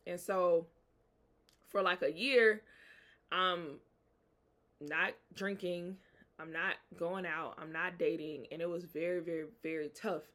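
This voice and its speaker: Bright-voiced Southern US woman telling her story. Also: fairly low pitch, slow pace, long pauses. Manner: animated, acts out dialogue, addresses listeners as y'all. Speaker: podcast host. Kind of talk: personal faith testimony, casual storytelling.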